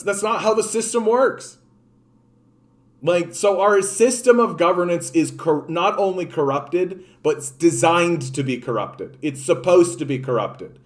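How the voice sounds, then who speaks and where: A man ranting about politics on a livestream, impassioned and full of swearing. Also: fairly high pitch. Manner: impassioned, profane, repetitive. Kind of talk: unscripted political rant.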